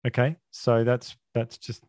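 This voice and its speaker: A man hosting a film podcast, talking in a sarcastic, mock-outraged deadpan. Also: mid-range voice, a little slow, no room sound, studio quality. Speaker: podcast host. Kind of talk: casual film review chat.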